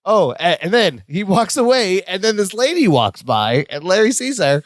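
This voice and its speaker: A man's voice: moderate pace, no room sound. A man co-hosting a podcast, chatting casually as he recaps a sitcom episode and acts out characters' lines. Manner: animated, acts out characters' lines in high voices. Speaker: podcast co-host.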